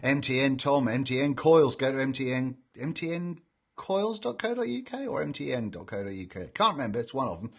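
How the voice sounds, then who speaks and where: A cheerful British man hosting a live stream, reading out viewers' names and greetings in a relaxed, chatty way. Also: mid-range voice, brisk. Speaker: livestream host reading chat. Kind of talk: casual live chat.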